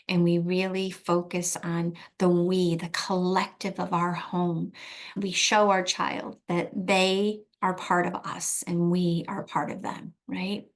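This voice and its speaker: A middle-aged woman, a therapist, giving earnest advice in a direct talk, slowing down to stress key points. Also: fairly low pitch.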